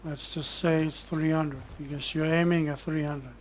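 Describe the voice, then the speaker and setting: A man commentating his own gameplay in a relaxed, casual way, bantering sarcastically with game characters and swearing when annoyed. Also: on the high side, normal speed, slight background noise. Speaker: gamer streamer.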